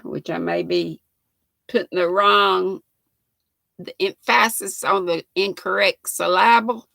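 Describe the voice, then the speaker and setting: Chatty grandmother, gravelly voice. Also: medium pitch, steady tone, takes it slowly, pushed and bright, no echo. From United States. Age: 60s. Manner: chatty, laughs often, reads comments aloud. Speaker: livestream host reading chat. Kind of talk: casual chat.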